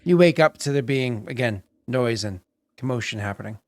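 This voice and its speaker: A man's voice: medium pitch, lively intonation, normal speed, dry recording. A man narrating a tabletop game as game master, hesitant, with many fillers and restarts.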